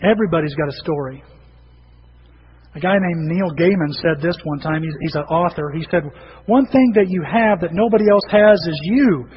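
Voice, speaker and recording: Preaching to his church in the sanctuary, a middle-aged pastor tells stories conversationally in a slightly high voice at a moderate pace, acting out those he quotes. The hall recording is dull and reverberant with faint noise.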